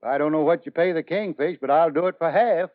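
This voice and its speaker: A man's voice: on the high side, fairly quick, no echo. A middle-aged man and guest comedian, trading folksy, joking scripted banter on a radio comedy show. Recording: dull dry old radio broadcast.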